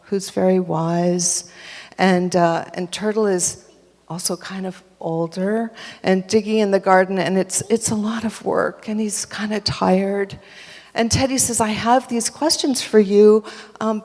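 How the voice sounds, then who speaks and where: A woman tells a children's story during a church service, animated and chatty as she directs children holding up props. Her voice sits at a middle pitch and rings in a large hall with a long echo. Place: church sanctuary.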